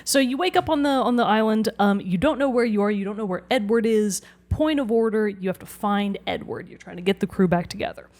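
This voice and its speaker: A woman's voice: mid-range voice, a little fast, few pauses. A young woman hosting a podcast, chatting casually and animatedly, laughing often and quoting characters in playful voices. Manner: animated, giggly, quotes characters in funny voices. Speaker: podcast host. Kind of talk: casual chat.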